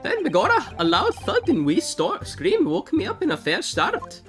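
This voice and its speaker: A woman's voice: a little high, huge pitch swings, normal speed, faint music behind, voice pushed up. A woman voicing a jovial older Irish man, a witness, in an exaggerated put-on Irish accent with a folksy, theatrical delivery. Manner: folksy brogue, theatrical reading. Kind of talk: game dialogue read aloud.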